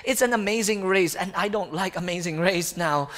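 Guy preaching, high voice, lively storytelling, keeps saying friends. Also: moderate pace. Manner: animated, addresses listeners as friends. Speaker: guest speaker. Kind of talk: sermon storytelling.

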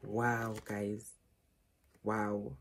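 A woman's voice: extremely low pitch, flat delivery, drawn-out words. A young woman from South Africa chatting casually to her viewers while unboxing something, calling them guys and darlings, recorded on a phone at home. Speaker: vlogger. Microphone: phone camera.

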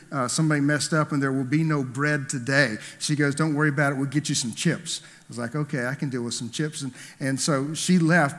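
A man, the pastor, preaching a conversational sermon, telling a story and asking the congregation questions. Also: on the high side. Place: church hall. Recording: long hall reverb.

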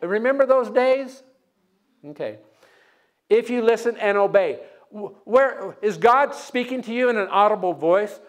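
A man's voice: high-pitched, expressive, normal speed. A man preaching a sermon in a church, telling stories and leading the congregation in call-and-response. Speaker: guest preacher. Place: church sanctuary.

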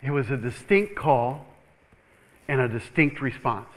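A man's voice: mid-range voice, a little slow, poor audio. A male pastor preaching a sermon in a church, calling out "Amen?" to the room, chuckling and repeating words as he builds up. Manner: animated preaching with repeated call-outs for "Amen?".

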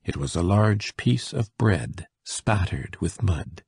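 A man narrating a classic short story as an audiobook reader, steady and measured, with a gravelly, husky voice. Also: low-pitched, no room sound, clean studio sound. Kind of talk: scripted narration.

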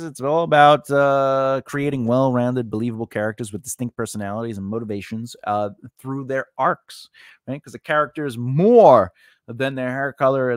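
A man with a clear, resonant mid-range voice hosts a screenwriting channel, recorded in a clean studio with no echo. In a casual teaching monologue, he walks through his writing steps, dropping asides and filler words.

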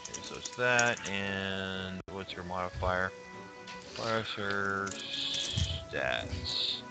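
A man running a tabletop game as game master, hesitant with lots of pauses and restarts. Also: sits low, creaky, sharp tone, soft background music.

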